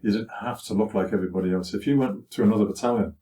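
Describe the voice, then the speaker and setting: A man's voice: on the low side, rapid-fire, warm tone, far from the mic, a little hiss or hum. Older Scouse man spinning old yarns. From Liverpool, England. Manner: chatty anecdotal telling, acting out others' voices. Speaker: father recounting his life. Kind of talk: conversational life-story storytelling.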